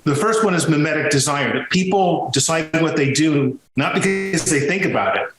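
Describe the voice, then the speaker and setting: A man being interviewed on a podcast, telling stories in a lively conversational way and jumping high in pitch when he makes a point. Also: moderate pace, faint music behind. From Sicilian heritage. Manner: animated storytelling, swings into high pitch when emphatic. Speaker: podcast guest, music historian. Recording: roomy echo.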